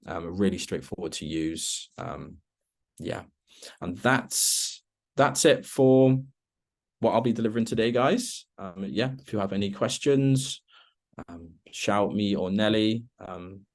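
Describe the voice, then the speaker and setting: Deep-voiced male trainer, relaxed software walkthrough on a call. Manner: relaxed, lots of ums, walks through steps. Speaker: product trainer. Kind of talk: screen-share software demo. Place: online meeting.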